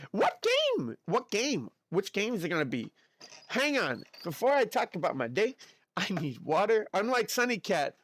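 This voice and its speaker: A man's voice: high-pitched, fairly bright tone, no room sound. A young man streaming casually, chatty and goofy, repeating himself and dropping in Japanese filler words, with a slightly tired throat. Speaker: virtual streamer. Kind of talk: casual livestream chat.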